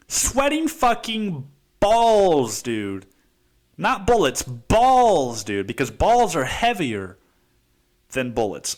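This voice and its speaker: A man hosting a podcast, telling a story in a rambling, profane way and saying "dude" constantly. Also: on the high side. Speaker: podcast host. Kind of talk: casual storytelling monologue.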